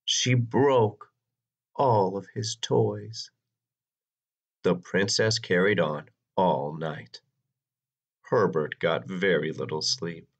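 A man narrating a children's storybook in an expressive, dramatic reading. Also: slow pace, pauses often. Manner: expressive, sweeping pitch for drama.

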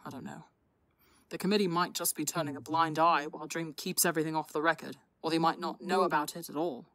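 A shaken young man, voiced by a woman reader, speaking with a rough and strained edge. The tone sits low and even. The recording is dry and close. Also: fast talker, dry recording. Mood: worried. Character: shaken young man, anxious older brother.

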